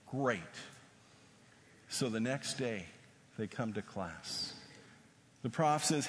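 A male preacher telling an animated story in a sermon, recorded in a large hall. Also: medium pitch, slow, long pauses. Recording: echoey hall with faint noise.

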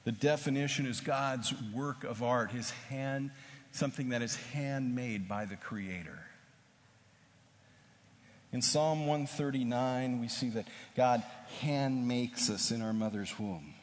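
A male preacher telling an animated story in a sermon, recorded in a large hall. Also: medium pitch, slow. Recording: echoey hall with faint noise.

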